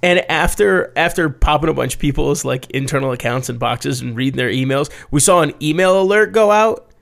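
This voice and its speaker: A man casually telling a story about a job with a co-host, animated and swearing freely as he acts out what people said. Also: fairly high pitch, a little fast, creaky. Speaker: penetration tester co-host.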